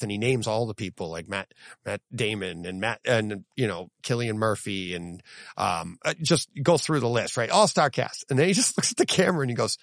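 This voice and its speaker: A man with a gravelly, fry-tinged voice, co-hosting a casual podcast. He tells stories animatedly, full of restarts and laughter. His voice sounds close and dry, with no room around it. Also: fairly low pitch, brisk, fairly bright tone, no echo. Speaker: podcast co-host. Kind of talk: casual chat.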